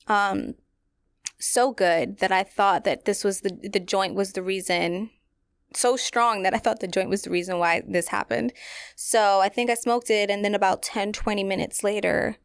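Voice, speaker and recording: A woman's voice: medium pitch, steady tone, normal speed, clear, resonant tone, no room sound. A young adult woman hosting a podcast, telling a personal story in a candid, rambling way with many fillers. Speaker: podcast host.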